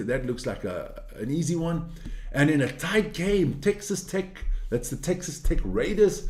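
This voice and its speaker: A man's voice: on the high side, darkish tone, roomy sound. A man hosting a sports news show, reading through results in a casual, blunt and opinionated way, ranting and cursing as he goes.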